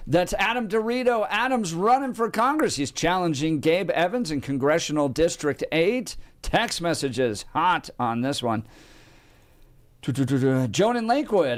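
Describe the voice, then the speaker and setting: A man with a somewhat high voice runs a talk radio show from the studio. He reads listener texts aloud and moves things along in a brisk announcer's way. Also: lively intonation.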